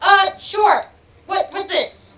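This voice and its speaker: A young woman giving let's-play commentary on a game, excitable, swearing freely and yelling and laughing as she plays. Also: extremely high pitch, takes it slowly. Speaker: gaming video creator.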